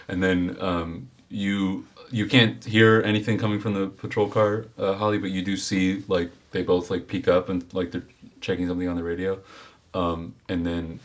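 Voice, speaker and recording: A man's voice: low voice, little pitch movement, normal speed. A man narrating as game master of a tabletop game, laid-back and rambling, with many fillers.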